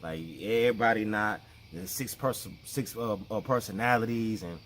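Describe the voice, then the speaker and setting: A man's voice: lowish voice, moderate pace, fairly bright tone, slight background noise. A man with explaining things in a casual, conversational talk to camera. He often repeats himself and acts out the people he quotes. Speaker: vlogger.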